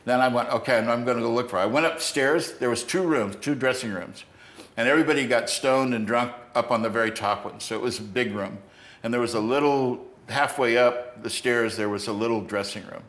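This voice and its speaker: An older man with a middle-pitched voice hosts a conversation and tells a long personal story. He talks haltingly and often starts a thought over. The room around him sounds echoey. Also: fairly bright tone. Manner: halting, with many restarts. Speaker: podcast host.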